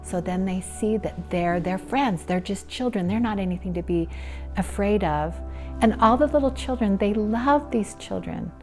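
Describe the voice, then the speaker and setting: A middle-aged woman telling her personal story in an earnest, emotional way, her voice going soft and breathy at the tender moments. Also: medium pitch, normal speed. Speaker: interviewee, nonprofit founder and mother. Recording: soft music underneath.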